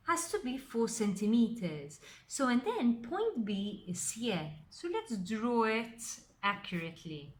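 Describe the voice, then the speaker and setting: Brief: female maths teacher, slow and deliberate, lively rising and falling pitch. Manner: slow, step-by-step, stresses key words. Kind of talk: recorded maths lesson explanation.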